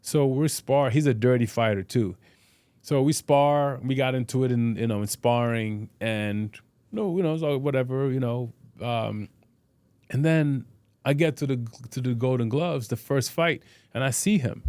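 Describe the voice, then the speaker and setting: A man's voice: medium pitch, measured pace, darkish tone, clear, resonant tone, no echo. A middle-aged man, a guest on a podcast, telling boxing stories bluntly and profanely in casual interview talk, with lots of restarts and "you know". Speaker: podcast guest, boxer and fitness trainer.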